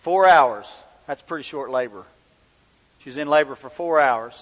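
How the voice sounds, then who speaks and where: A man's voice: mid-range voice, normal speed. A middle-aged man, a pastor telling a personal story in a folksy, conversational sermon. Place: church. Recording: dull sound with long hall reverb.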